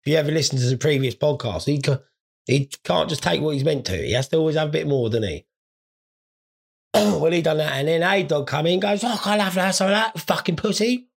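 A man's voice: a little high, expressive, brisk, vocal fry, breathy edge. A stoned man hosting a podcast, telling crude, sweary, rambling stories in a casual monologue. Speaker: podcast host.

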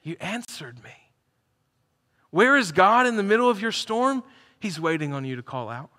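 A man preaching a sermon to a live congregation, telling stories with energy and building to loud, emphatic peaks. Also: sits high, big pitch swings, a little fast. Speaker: pastor. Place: church hall, live congregation. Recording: reverberant church hall.

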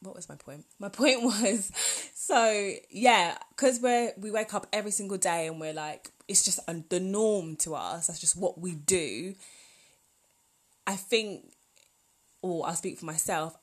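A woman's voice: mid-range voice, a little slow. A woman, hosting a solo podcast in a chatty, rambling, heartfelt way. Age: 20s. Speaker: podcast host. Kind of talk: casual solo podcast talk.

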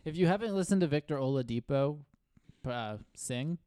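A man co-hosting a casual sports podcast, cracking deadpan jokes and quickly walking them back. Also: fairly high pitch, clean tone, no room sound, studio quality. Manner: wisecracking, deadpan jokes then quick takebacks. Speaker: podcast co-host.

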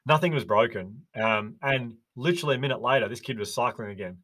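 A man with an Australian accent, a podcast guest who tells animated stories and acts out the voices of the people in them. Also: medium pitch, fast talker. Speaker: podcast guest, resilience educator. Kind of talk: casual interview chat.

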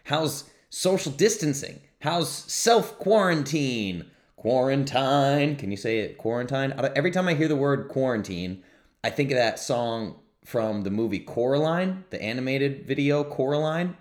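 A man's voice: medium pitch, animated, moderate pace. A man hosting his own podcast, talking in an upbeat, rambling way with self-mocking asides. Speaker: podcast host. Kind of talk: casual solo podcast talk. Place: home studio.

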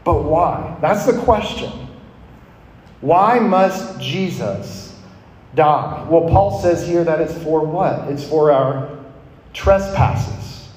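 A man's voice: on the high side, lively intonation, takes it slowly, a little mellow. Earnest preacher man in echoey hall. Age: 30s. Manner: earnest, rising and falling, asks questions of listeners. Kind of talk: sermon to college students. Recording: echoey hall with long reverb.

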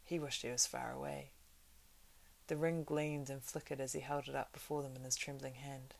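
Woman narrator reading a novel aloud; low, heavily gravelly, steady and plain. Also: normal speed.

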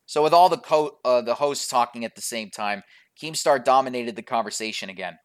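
A man giving a casual commentary, retelling a podcast argument in a relaxed, conversational way. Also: mid-range voice, a little fast, clear, resonant tone.

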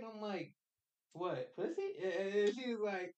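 A podcast host with a high-sitting, darkish voice speaks at a measured pace, the audio dull and the room echoey. In a casual storytelling chat, he recounts a childhood story in loose slang, slipping into quoted voices.

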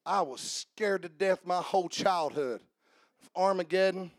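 A pastor in his forties preaching a sermon, rising to shouts and half-sung lines, then dropping to quiet storytelling. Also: high-pitched, unhurried, dry recording, studio quality. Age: 40s. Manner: shouting and half-singing at climaxes. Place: church.

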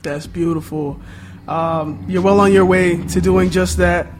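High-voiced playful man host. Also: fairly even intonation, a little slow, a little hiss or hum. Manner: playful, laughs easily. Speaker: podcast host. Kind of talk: casual podcast chat.

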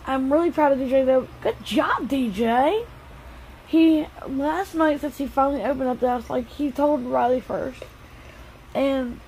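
A woman's voice: sits high, darkish tone, a little hiss or hum, low-quality recording. A woman vlogging outdoors as a mother, chatty and soothingly reassuring. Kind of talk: casual vlog. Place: outdoors on a path.

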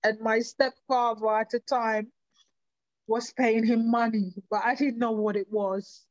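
A woman giving halting, emotional personal testimony in an interview. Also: a little high, little pitch movement, dry recording, muffled recording. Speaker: interview guest.

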